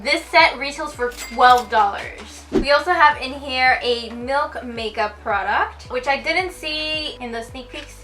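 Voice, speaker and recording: Bright-voiced woman gushing over products. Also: sits high. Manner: chatty, gushing, giggly asides. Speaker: beauty vlogger. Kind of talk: casual product unboxing.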